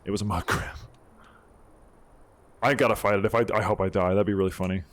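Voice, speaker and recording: A man narrates his strategy game run in a relaxed, chatty way. His voice sits low, and he breaks into loud mock fury or cheering when the game surprises him. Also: fairly quick. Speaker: gaming video host. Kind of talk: casual let's-play commentary.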